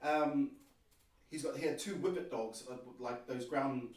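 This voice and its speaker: A man's voice: medium pitch, measured pace. Man telling a story in an echoey room. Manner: animated, acts out quoted dialogue. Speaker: podcast guest. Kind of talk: personal storytelling. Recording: very echoey room, distant mic.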